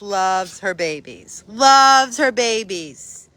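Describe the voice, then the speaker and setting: A woman with a fairly high voice talks slowly into her phone outdoors, hosting a casual live stream for a dog rescue. She greets viewers by name and lifts into high, sing-song baby talk whenever she speaks to the dogs. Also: big pitch swings, sharp tone. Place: outdoors in a yard.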